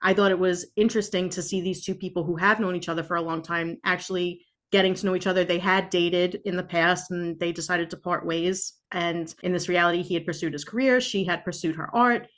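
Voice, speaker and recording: A woman co-hosting a book podcast, talking in a thoughtful, measured casual way with hesitant restarts. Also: lowish voice, fairly even intonation, fairly bright tone. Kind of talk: casual chat.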